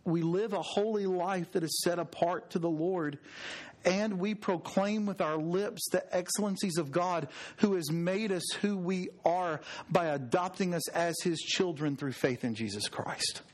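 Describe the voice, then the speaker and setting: Earnest preaching man, higher voice. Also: measured pace. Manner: earnest, storytelling, emphatic repetition. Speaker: pastor. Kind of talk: sermon.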